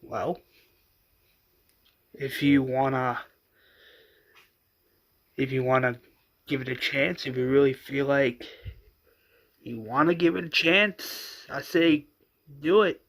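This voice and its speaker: A man voicing a friendly young male tech whiz giving a quiet, encouraging pep talk. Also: medium pitch, takes it slowly, pauses often. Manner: soft, encouraging.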